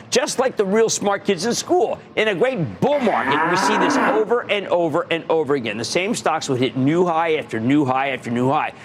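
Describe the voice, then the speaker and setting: Brief: older male TV market host, animated, punchy, lively swings in pitch, somewhat high voice, faint noise behind. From United States. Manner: emphatic, animated, repeats key words, sudden shouts. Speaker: TV stock market show host. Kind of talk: energetic TV investing commentary.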